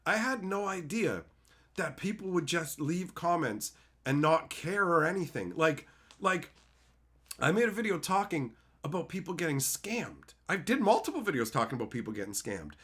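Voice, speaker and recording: A man telling a profane, animated story in a casual rant on his video channel, laughing often. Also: fairly high pitch, moderate pace, husky. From Canada. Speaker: YouTube host.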